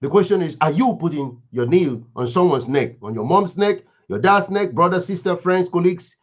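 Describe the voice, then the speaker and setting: A man's voice: high-pitched, expressive, normal speed. A man giving an impassioned moral talk, with emphatic, repetitive lines like a preacher's. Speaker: speaker giving a moral reflection. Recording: dull lo-fi recording.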